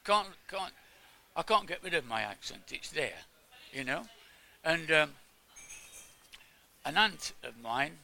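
A man's voice: a little high, creaky, sharp tone, a little hiss or hum. An older man from England giving an informal sermon, chatting with his congregation and asking them questions. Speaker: preacher.

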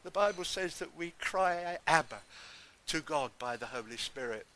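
A man giving an emphatic sermon testimony, telling his story and acting out the words of others with big swings in pitch. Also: expressive, normal speed, sharp tone, rough recording.

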